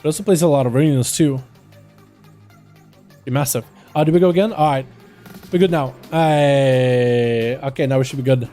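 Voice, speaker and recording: A man streaming live, chatting with his viewers and commentating game duels in an energetic, hyped way. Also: mid-range voice, normal speed, long pauses, faint music behind.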